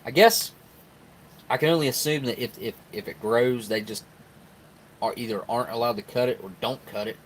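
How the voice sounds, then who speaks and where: A man's voice: medium pitch, moderate pace, pauses often, slight background noise, rough recording. A middle-aged man with a southern Ohio Appalachian accent, hosting a casual live stream where he rambles in a folksy way and reads viewer comments aloud. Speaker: live-stream host reviewing military rations.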